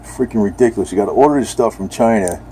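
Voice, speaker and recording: A man's voice: lowish voice, fast, mellow, slight background noise. A man talking casually and bluntly in a rambling home video, now and then speaking to his cat. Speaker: vlogger.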